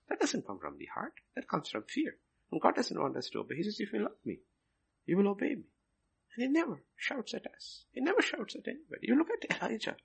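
A male pastor delivers a sermon in a gravelly, husky voice. His pitch leaps and dips with lively emphasis, and he drops from loud stressed lines to near whispers, repeating key phrases.

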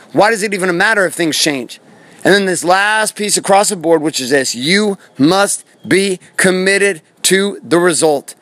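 Male motivational host, high and quick, punchy and preachy, swears to make a point. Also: a bit bright, no echo. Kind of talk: motivational monologue. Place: outdoors in a forest. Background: birds and bees.

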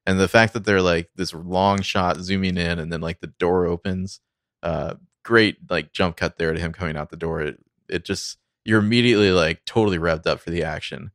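A man co-hosting a casual film discussion podcast, rambling in a relaxed way with many fillers. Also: deep voice, moderate pace, no echo, studio quality. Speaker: podcast co-host.

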